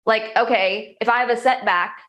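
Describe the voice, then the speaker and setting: A woman's voice: fairly high pitch, fairly even intonation, moderate pace, a bit bright. A young woman coach answering interview questions in a chatty, upbeat way, full of restarts and filler words. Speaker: coach and show host.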